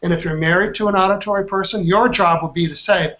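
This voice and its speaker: High-voiced guy running an online class, chatty, upbeat, muffled call audio. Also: fairly even intonation, fast, hardly any pauses, a bit bright. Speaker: trainer leading an online class. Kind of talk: live online coaching class. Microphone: video call.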